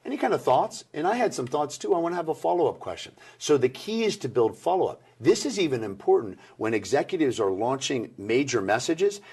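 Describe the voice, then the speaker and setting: A middle-aged man giving energetic interview answers about workplace communication, acting out the people he quotes. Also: mid-range voice, fairly quick, hardly any pauses, husky. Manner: animated, acts out quoted people.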